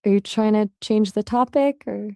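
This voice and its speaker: A woman's voice: mid-range voice, moderate pace, gravelly, warm tone, dry recording. Chatty, dry-sounding woman assistant voice. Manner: chatty and polite, often asks follow-up questions. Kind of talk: casual chat.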